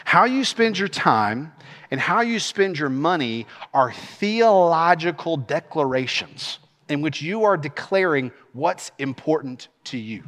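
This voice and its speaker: A man's voice: a little high, measured pace, long reverb tail. A middle-aged man, a senior pastor preaching a sermon and laughing as he tells stories. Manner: animated storytelling preacher, laughs while telling stories.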